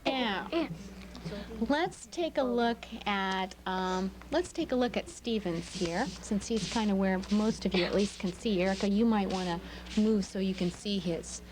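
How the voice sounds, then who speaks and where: A woman's voice: mid-range voice, unhurried, background noise. A woman teaching a small group of children a phonics lesson, patient and asking many questions.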